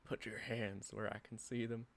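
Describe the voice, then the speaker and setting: A man's voice: on the low side, flat delivery, moderate pace, creaky, slight background noise. A man voicing a nervous armed stranger in a tabletop game, menacing yet quivering and stammering. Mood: nervous menace. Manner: threatening but shaky, stammering.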